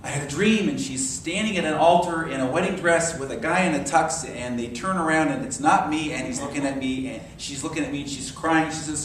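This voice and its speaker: A man gives a sermon-style talk in a church hall, recorded from a distance so his voice sounds echoey and roomy. His pitch sits a little high for a man. He is an animated storyteller who acts out the voices of the people in his stories. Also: a little fast, few pauses, crowd noise. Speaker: minister.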